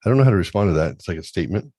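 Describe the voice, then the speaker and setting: A middle-aged man hosting a crude, casual chat show, loud and laughing, often putting on high voices to mimic his kids. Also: animated, very fast, no room sound. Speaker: podcast host.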